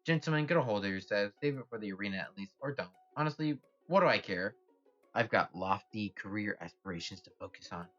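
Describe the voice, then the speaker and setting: A man's voice: fairly low pitch, lively intonation, a little fast, fairly bright tone, lo-fi sound, faint music behind. A man voicing an ambitious young woman student, coy and dismissive.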